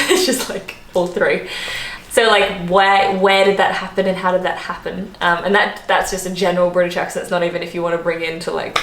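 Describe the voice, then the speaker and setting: An Australian woman in her thirties chatting casually to camera in a vlog, animated and quick to laugh. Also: on the low side, a little hiss or hum. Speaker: travel vlogger. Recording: roomy echo.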